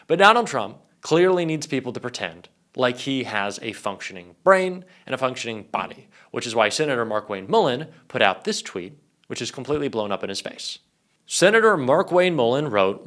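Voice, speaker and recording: A man's voice: mid-range voice, sing-song, normal speed, fairly bright tone. A male political commentator giving sarcastic, mocking reaction commentary, with casual profanity.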